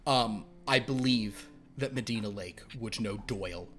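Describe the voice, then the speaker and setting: Low-voiced male horror game master. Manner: halting, with many fillers and hushed asides. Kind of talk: narrating a horror tabletop game. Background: background music.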